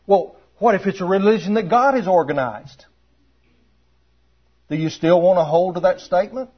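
A man's voice: high voice, normal speed, husky. A man preaching a sermon to a congregation, emphatic and repeating his key phrases. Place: church room with congregation. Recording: dull lo-fi sermon recording.

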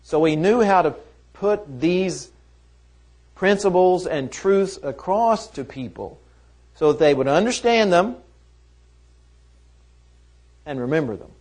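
A man's voice: high-pitched, animated, a little slow, a little mellow. A man teaching a Bible lesson in a conversational way, often asking rhetorical questions.

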